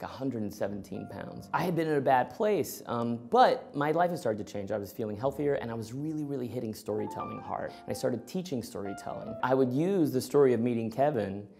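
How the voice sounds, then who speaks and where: A man's voice: fairly low pitch, gravelly. Man, middle-aged storyteller, acts out every voice, faint music underneath. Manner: animated, acts out both sides of dialogue. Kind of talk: personal storytelling monologue.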